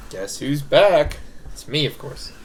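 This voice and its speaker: A man's voice: fairly high pitch, slight background noise. A young man casually commenting on a game during a live stream, swearing freely and chuckling to himself. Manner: loose, swearing, chuckling asides.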